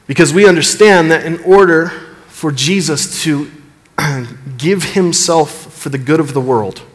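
A man preaching a sermon as pastor, earnest, building emphasis and dropping low at the ends of phrases. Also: a little slow, big-room sound.

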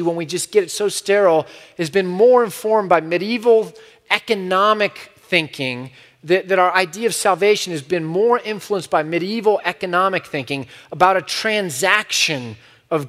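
Male preacher, conversational, high-pitched, long hall reverb. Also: fairly bright tone. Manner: conversational, with frequent restarts. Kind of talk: sermon.

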